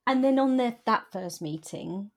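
A woman's voice: a little high, expressive, a little slow. A woman co-hosting a podcast, talking about a novel in an agreeable, hesitant way. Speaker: podcast co-host. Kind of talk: casual book chat.

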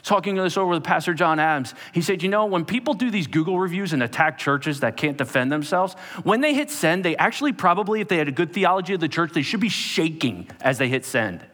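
A man's voice: on the high side, expressive, fast talker, few pauses, a bit bright. A man preaching a sermon, emphatic and speaking straight to the congregation. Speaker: pastor. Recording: long hall reverb.

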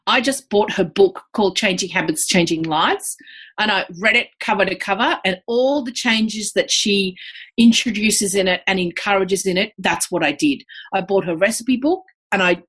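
An Australian woman telling her story as a podcast guest in a casual, animated way, with lots of fillers. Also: medium pitch, moderate pace, slightly rough. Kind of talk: casual conversational interview.

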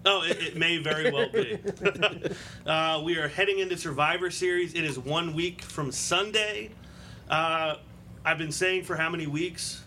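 A male podcast host chatting loosely about wrestling, laughing often between points. His voice is bright and a little high. A light hiss sits under the recording. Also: a little slow. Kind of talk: casual wrestling podcast chat.

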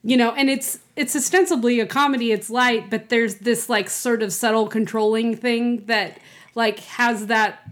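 A woman's voice: a little high, steady tone, normal speed. Female co-host, casual film talk, hesitant, thinks aloud mid-sentence. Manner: hesitant, many fillers and restarts, thinking aloud.

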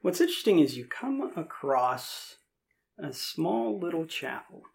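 A relaxed man guiding players through a tabletop game, talking in loose, halting bursts as he checks the numbers. He describes the scene casually rather than performing it. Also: fairly high pitch, gravelly. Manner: easygoing, halting with fillers while he works out the rules. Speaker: game master.

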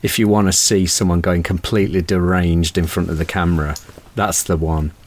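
A man co-hosting a podcast in casual chat, apologetic and often laughing, with halting restarts. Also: low-pitched, little pitch movement. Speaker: podcast co-host.

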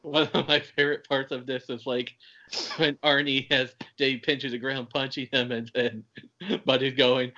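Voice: mid-range voice, flat delivery, moderate pace, sharp tone. A podcast host recapping a movie in casual chat, laughing while retelling scenes. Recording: dull, lo-fi podcast audio.

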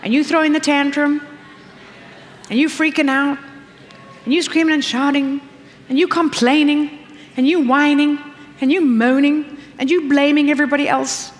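A middle-aged woman delivers a sermon with animated energy, slipping into the voices of the people she quotes. Her voice sits a little high. The sound carries a long reverb, as if she is in a large hall. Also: moderate pace, long pauses. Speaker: pastor.

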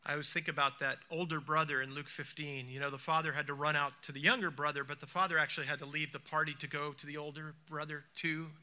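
Male preacher, slightly high, forceful bright tone, reflective sermon delivery. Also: flat delivery. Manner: reflective, slows down and softens for emphasis. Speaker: speaker.

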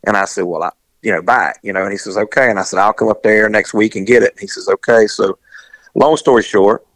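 A middle-aged man, casually telling a long, animated story and acting out the voices of the people in it. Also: fairly low pitch, fast, no echo, low-quality recording. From US South. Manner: rambling, animated, acts out quoted voices.

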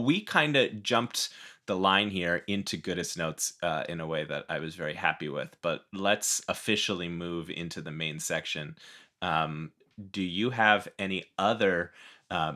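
A man's voice: low voice, pushed and bright. A man hosting a podcast, chatting casually and encouraging his guest. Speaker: podcast host. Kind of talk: casual interview chat.

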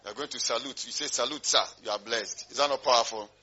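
A man's voice: mid-range voice, fast talker, pushed and bright, breathy edge, highs cut off. A male pastor preaching a sermon, emphatic and rhetorical, drawing call-and-response from his congregation.

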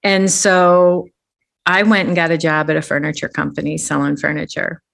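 A middle-aged woman with a low, grounded voice, talking through her story in a relaxed interview. She is reflective and conversational and laughs easily as she goes. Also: normal speed, vocal fry. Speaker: guest, executive coach.

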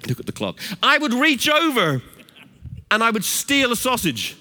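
A middle-aged English man preaching a sermon, telling a funny family story in a playful, animated way. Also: extremely high pitch, normal speed. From England. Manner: animated, playful, laughs at his own stories. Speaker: pastor.

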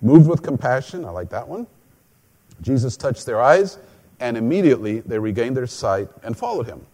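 A male pastor delivering a relaxed, conversational sermon at an ordinary pitch. He drifts into joking asides and repeats his key lines for emphasis. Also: moderate pace.

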